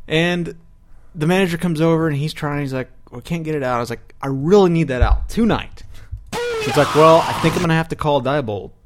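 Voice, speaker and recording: A man's voice: fairly high pitch, fairly quick, slight background noise. A man hosting a podcast, telling a long story in casual chat, swearing and acting out the other people in it. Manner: profane, animated retelling with quoted voices. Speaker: podcast host.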